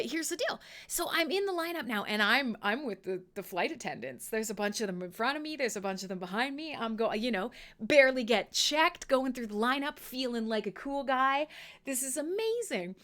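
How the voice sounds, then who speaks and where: A woman with a fairly high, somewhat bright voice hosts a live radio show, telling a story casually to her live listeners. She swears and jokes, acts out the quotes, and laughs along the way.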